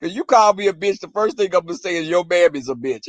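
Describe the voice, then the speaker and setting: A fast-talking man rants casually to his viewers, telling crude, profanity-laced stories with lots of animation and acting out arguments in a shrill voice. The recording is dry.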